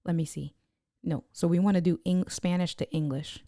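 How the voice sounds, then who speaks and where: A woman chatting on her live stream, telling a lively story, laughing often and reading viewer comments aloud. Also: fairly low pitch, moderate pace, no room sound, clean studio sound. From United States. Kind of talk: casual live-stream chat.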